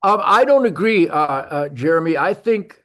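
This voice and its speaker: An older man, a podcast guest, telling hunting stories with emphasis, repeating words and acting out his own shouts. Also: fairly high pitch, expressive, normal speed. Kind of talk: animated hunting storytelling.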